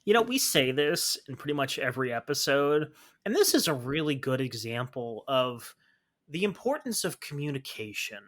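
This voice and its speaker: A man with a bright, forceful voice talks on a podcast in a mid pitch. He thinks out loud, pausing on "um" and giving the odd sigh as he weighs his opinion. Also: big pitch swings. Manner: musing, thinks aloud with "um" and sighs. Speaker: podcast co-host. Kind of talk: casual opinion chat.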